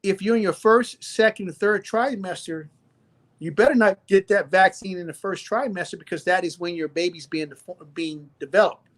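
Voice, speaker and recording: Southern-accented man, doctor guest on a live stream, forceful and preachy, hammers points twice. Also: high-pitched, moderate pace. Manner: emphatic, lecturing, repeats points for stress.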